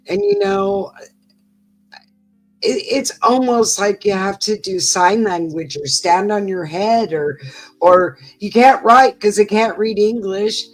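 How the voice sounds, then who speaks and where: A woman's voice: mid-range voice, animated, measured pace, soft background music, poor audio. A middle-aged woman co-hosting a livestream, rambling through stories in casual chat with lots of fillers. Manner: chatty, rambling storytelling with many fillers. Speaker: livestream co-host.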